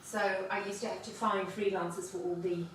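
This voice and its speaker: A woman's voice: mid-range voice, level tone, brisk, distant mic, a little hiss or hum. A woman chats through a cooking demo and wanders happily off into stories. Her voice sits some way from the mic and rings around a hard, echoey room, with faint ambience underneath. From South Africa. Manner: chatty, rambling, laughs easily. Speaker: home cook hosting a cooking video. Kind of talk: casual cooking demonstration and chat. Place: home kitchen.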